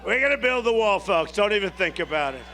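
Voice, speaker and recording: A man's voice: high-pitched, lively intonation, fast, pushed and bright, a little hiss or hum. A man making a campaign rally speech at an outdoor airport rally, boastful and repetitive, speaking off the cuff to the crowd. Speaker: presidential candidate at a rally.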